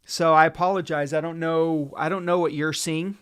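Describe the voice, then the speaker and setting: A man's voice: on the high side, fairly even intonation, moderate pace, a bit bright. Rambling man teaching guitar on a livestream. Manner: rambling, friendly, greets viewers by name. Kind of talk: casual livestream guitar lesson. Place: home room, dim lighting. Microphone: livestream setup. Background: guitar playing.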